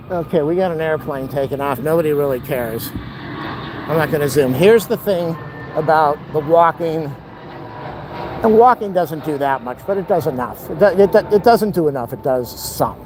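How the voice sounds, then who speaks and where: A man chats to the handheld camera he carries as he walks outdoors. His talk is rambling, wry and blunt, and his voice sits a bit high. A faint hum of city traffic runs underneath. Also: darkish tone, rough recording. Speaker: vlogger. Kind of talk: casual walking vlog monologue. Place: outdoors on city streets and lawns. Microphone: camera held while walking.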